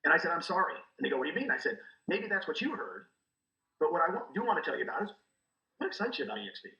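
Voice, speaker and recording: Animated, bright-voiced man coaching fast. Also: on the high side, reverberant, dull audio. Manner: animated, acts out quoted dialogue. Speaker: guest, real estate recruiter. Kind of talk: energetic coaching talk.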